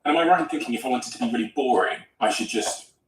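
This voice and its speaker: A man's voice: mid-range voice, fast, roomy sound, distant mic, slight background noise, rough recording. A man hosting a podcast conversation, talking casually and asking probing questions. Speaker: podcast host.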